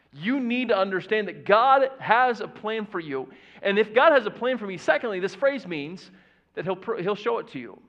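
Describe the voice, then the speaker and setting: Animated man preaching to young people. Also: fairly high pitch. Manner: animated, playful, asks the crowd questions. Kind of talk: youth sermon. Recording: dull lo-fi church audio.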